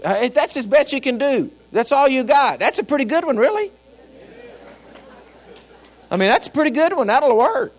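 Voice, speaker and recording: A man's voice: extremely high pitch, very animated, normal speed. A man preaching a sermon as pastor, fiery and folksy, with joking asides. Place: church.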